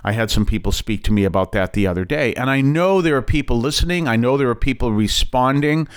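Boston-accented priest hosting a radio talk show; chatty, wanders off topic, pokes fun at himself. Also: male voice, medium pitch, expressive, fast talker, smooth. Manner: chatty, digressive, light self-deprecating asides. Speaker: Catholic priest and radio host.

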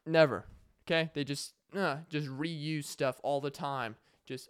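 A man's voice: a little high, measured pace, clear, resonant tone, dry recording, studio quality. A young man hosting his own podcast, talking alone in a rambling, joking way that turns emotional, with many restarts and fillers. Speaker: podcast host. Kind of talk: casual solo podcast monologue.

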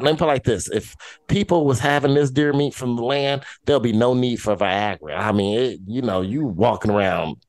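A man co-hosting a podcast, telling a story in casual, profane talk, jumping into higher voices to quote people. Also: dry recording. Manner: animated storytelling, profane, swings into high mimicking voices. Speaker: podcast co-host. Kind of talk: casual chat.

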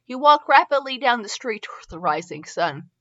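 On her podcast, a woman reads a fanfiction story aloud, frequently tripping on words and chuckling at herself between passages with comic asides. Her fairly high voice swings widely in pitch and has a fairly bright tone, and she reads at a moderate pace. The recording has its high frequencies cut off.

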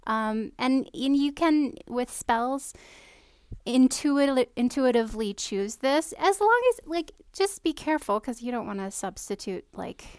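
A woman's voice: high voice, lively intonation, unhurried, darkish tone, clear, resonant tone, no echo. Woman, podcast co-host, enthusiastic casual chat, dry sound. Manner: friendly, enthusiastic, laughs easily.

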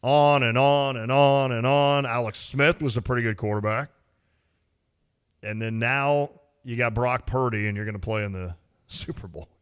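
A man's voice: medium pitch, normal speed, smooth. A man hosting a sports radio show, talking animatedly and whining playfully in casual sports talk. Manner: animated, self-mocking whining.

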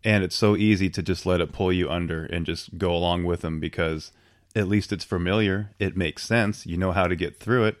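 Deep-voiced reflective man, dry sound. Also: fairly even intonation, fairly quick, dry recording. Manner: reflective, hesitant, many "uh"s. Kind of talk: casual chat.

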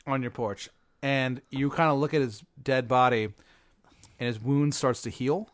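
A man at mid pitch tells a rambling, absurd hypothetical with a deadpan delivery. He slips into quick asides for side characters. The sound is dry and close, with no room around it. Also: no echo. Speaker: podcast host posing a hypothetical. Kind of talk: improvised comedic storytelling.

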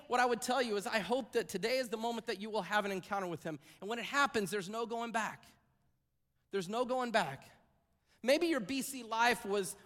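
A man's voice: high voice, a bit bright, big-room sound. A man preaching a sermon to a church congregation, in a conversational style with asides and repeated phrases. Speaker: pastor. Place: church sanctuary.

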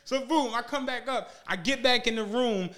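A man co-hosting a podcast who tells a long story in casual chat, profane and animated, laughing often and acting out what people said. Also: extremely high pitch, moderate pace, noisy background. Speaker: podcast co-host.

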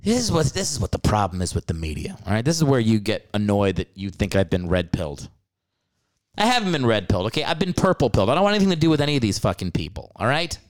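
A man's voice: lowish voice, sing-song, fast. A man hosting a podcast, ranting about sports in a casual comedic way. He swears freely and laughs often. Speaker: podcast host.

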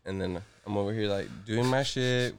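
A young man tells a story in casual chat, full of slang and curses, often stumbling over his first words. His voice is low-pitched and smooth, with a clear resonant tone. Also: normal speed. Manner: slangy, swearing, stammering restarts.

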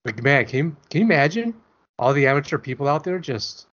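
A man's voice: a little high, animated, fairly quick, a bit bright. A man co-hosting a podcast, chatting casually in a rambling, joking way. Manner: rambling, self-deprecating, jokey. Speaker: podcast co-host. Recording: dull lo-fi audio.

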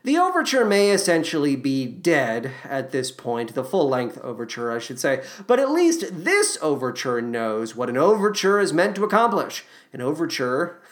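A man's voice: on the high side, sing-song, moderate pace, few pauses, fairly bright tone. A man hosting a podcast, giving a comedic review of a musical's songs in a sardonic, profane, enthusiastic way.

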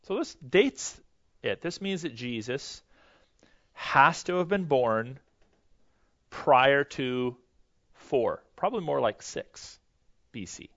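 A man's voice: mid-range voice, lively intonation, takes it slowly, pauses often, a bit bright. A man teaching a Bible history lesson in a conversational, explanatory way, often restarting his sentences. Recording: dull lo-fi recording.

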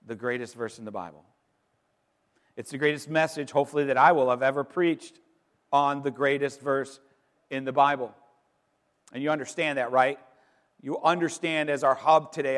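A middle-aged man preaching an Easter sermon as pastor, emphatic, pausing for effect and repeating words as he builds. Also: on the high side, fairly bright tone. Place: church sanctuary. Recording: long reverb in a large hall.

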